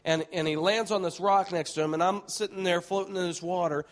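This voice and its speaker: Male preacher, sermon storytelling, somewhat high-pitched voice, excitable, restarts, hushed to shouting. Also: a little fast.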